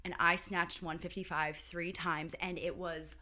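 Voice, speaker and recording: Bright-voiced chatty woman in her thirties. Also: fairly low pitch, flat delivery, a little slow. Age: 30s. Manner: chatty storyteller, heavy use of "like". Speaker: podcast guest. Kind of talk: casual interview chat.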